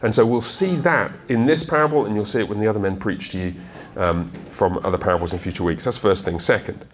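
A man preaching a sermon to his congregation, emphatic and animated, often checking in with rhetorical questions. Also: lowish voice, fast, a little hiss or hum. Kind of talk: sermon teaching. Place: church.

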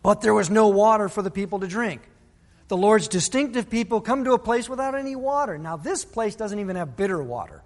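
A man's voice: high-pitched, lively intonation, a little fast, darkish tone, in a large hall. A male pastor preaching a sermon, telling a Bible story and acting out the people's voices. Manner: storytelling, acts out biblical voices.

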